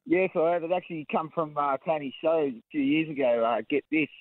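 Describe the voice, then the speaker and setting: Caller on a dull line. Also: male voice, a little high, steady tone, a little fast, no room sound. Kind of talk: phone-in chat.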